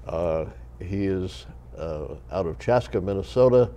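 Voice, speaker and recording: A man hosting a TV interview show, speaking in a measured, courteous way with hesitant pauses. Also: low voice, animated, dark tone. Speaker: TV interview host.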